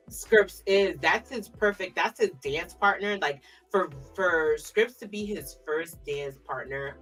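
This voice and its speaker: Woman, podcast co-host, casual slangy chat, low pitch, faint music behind. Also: fairly bright tone, distant mic. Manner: chatty, emphatic, slangy asides. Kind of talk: casual wrestling recap chat.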